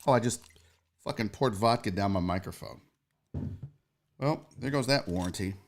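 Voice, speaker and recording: A middle-aged man hosting a casual live stream, loud and profane, excitably reading viewer messages aloud. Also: lowish voice, moderate pace. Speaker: show host.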